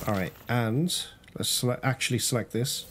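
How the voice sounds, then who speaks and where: A man giving excitable gameplay commentary, swearing often and talking straight to his viewers. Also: medium pitch, normal speed, background noise. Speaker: gaming YouTuber. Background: loud game music.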